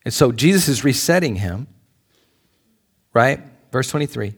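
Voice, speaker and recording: A middle-aged man, a pastor, preaching a conversational sermon in a church, swinging between loud pleas and soft asides. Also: medium pitch, animated, unhurried, breathy edge.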